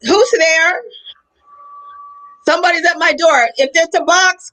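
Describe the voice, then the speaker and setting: A woman hosting a livestream over a video call, bubbly and quick to laugh. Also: very high-pitched, bright, forceful tone, poor audio. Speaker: livestream host. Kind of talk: casual livestream chat.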